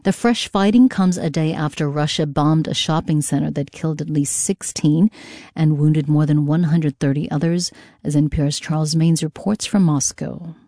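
A woman newscaster reading a scripted news bulletin in a measured, even delivery. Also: low voice, no echo, clean studio sound.

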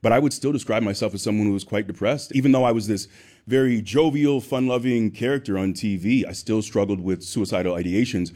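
Man, ex-athlete guest, earnest and candid, low-ish voice. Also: brisk, dark tone. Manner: earnest, with frequent restarts. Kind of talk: candid interview answers.

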